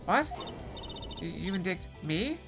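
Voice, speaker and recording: A woman's voice: on the low side, sing-song, takes it slowly, gravelly, over music, exaggerated voice. A woman reading as a sly mocking suspect. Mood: taunting. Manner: mocking, reading game dialogue aloud.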